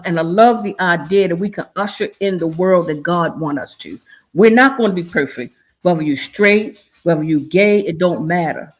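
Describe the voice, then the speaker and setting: A woman hosting a community talk show, speaking from the heart with a preachy, emotional manner. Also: on the low side. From Maryland, USA. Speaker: show host. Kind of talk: casual talk show sign-off.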